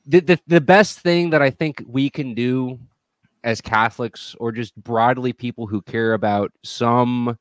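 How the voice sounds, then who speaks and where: A man's voice: mid-range voice, measured pace, no room sound. A man hosting a podcast in crude, profane, rambling casual chat. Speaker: podcast host.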